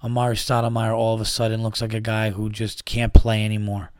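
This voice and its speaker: A man with a lowish, darkish, monotone voice hosts a comedy podcast, talking a little fast as he rants in exasperation and rambles, voicing the people in his stories. There's no echo.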